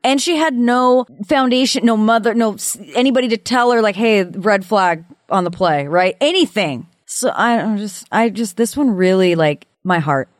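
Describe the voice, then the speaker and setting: Female podcast co-host with a mid-pitched voice, emphatic and animated, acts out quotes; dry close mic. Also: normal speed, few pauses, no echo. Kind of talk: casual true-crime discussion.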